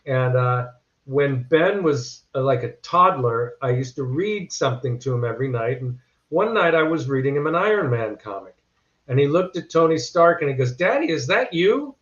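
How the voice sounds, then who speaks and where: A man's voice: medium pitch, lively intonation, moderate pace. A male actor, a podcast guest, telling casual anecdotes with wry punchlines. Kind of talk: casual storytelling. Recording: echoey, dull lo-fi remote audio.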